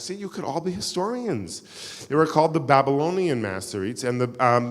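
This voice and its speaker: A man giving a live keynote lecture to an audience, engaging and quizzing the room with wry asides. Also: mid-range voice. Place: synagogue hall with live audience. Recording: long hall reverb.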